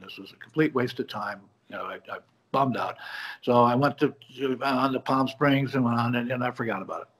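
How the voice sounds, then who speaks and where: A man guest on a video call from his home office, telling a story and acting out the quoted dialogue in it. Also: medium pitch. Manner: animated, acts out quoted dialogue. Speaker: guest, bar magician. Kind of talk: conversational storytelling.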